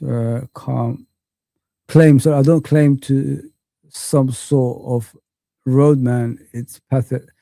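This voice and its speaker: A man's voice: mid-range voice, steady tone, slow pace, gravelly, dark tone, no echo, studio quality. A man, hosting a casual live-stream chat, rambling and puzzled, with many fillers and repeated questions. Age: 40s. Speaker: host.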